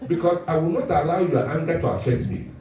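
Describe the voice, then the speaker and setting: A man preaching a sermon as pastor, animated and often chuckling as he talks. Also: fairly high pitch, fairly quick, a little hiss or hum. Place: church hall. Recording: echoey church hall, mic at a distance.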